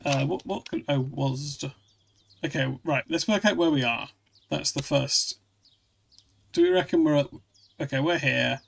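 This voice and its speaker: Male streamer, gravelly and a touch high-pitched, loose rambling chat delivery. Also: measured pace, long pauses, fairly bright tone, slight background noise. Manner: rambling, restarts often, reads chat aloud. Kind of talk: casual live-stream chat.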